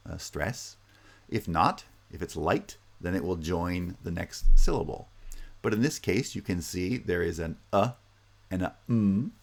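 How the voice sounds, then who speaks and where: A man's voice: deep voice, gravelly. A man teaching a university linguistics lecture, walking through each step methodically with frequent "uh" fillers.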